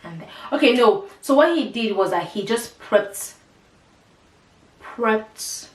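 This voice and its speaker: A woman's voice: fairly high pitch, takes it slowly. Woman telling a story in an echoey room. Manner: animated, dramatic retelling with quoted dialogue. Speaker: vlogger. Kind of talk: casual storytelling to camera. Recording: echoey room, mic at a distance.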